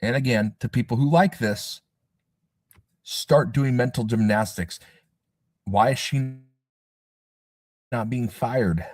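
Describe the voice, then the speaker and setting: A man's voice: mid-range voice, slow pace, long pauses, darkish tone, dry recording, studio quality. A man hosting a casual livestream, rambling with sarcastic asides and joking at his own expense. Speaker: livestream host.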